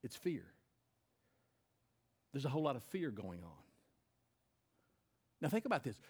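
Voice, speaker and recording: A male pastor preaching a sermon on a stage mic, swinging between loud emphatic bursts and quiet, intense lines. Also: mid-range voice, very animated, unhurried, slightly rough.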